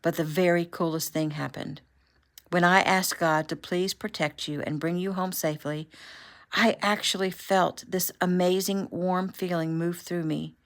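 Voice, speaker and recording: A woman voicing an excitable, emotional woman journalist who squeals and gushes as she talks. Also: lowish voice, measured pace. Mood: gushing.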